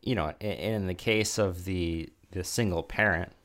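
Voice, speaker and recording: A man co-hosting a faith-based conversation, speaking haltingly and repeating words as he thinks. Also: deep voice, a bit bright.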